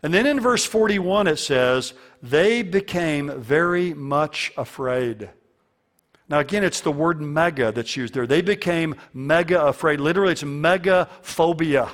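A man's voice: on the high side, expressive, normal speed, hardly any pauses, a bit bright. A man preaching a sermon as a pastor, earnest and fond of repeating key lines for emphasis.

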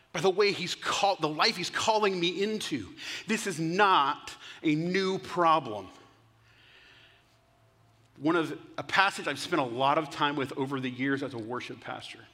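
Male worship pastor, conversational sermon, bright tone, long church reverb. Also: a little high. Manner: conversational, with rhetorical questions. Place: church sanctuary.

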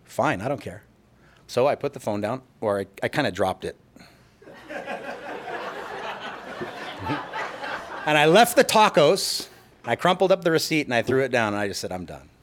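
A middle-aged male pastor delivers a sermon in a church, his voice sitting at an ordinary pitch for a man. He tells stories from his own life and jumps into acted-out quotes of what people said to him. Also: big pitch swings, fast.

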